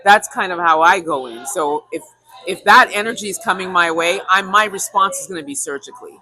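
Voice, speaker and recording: Firm woman with a bright, forceful voice. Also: lowish voice, fairly quick, husky, no room sound, low-quality recording. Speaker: co-host. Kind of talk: podcast conversation.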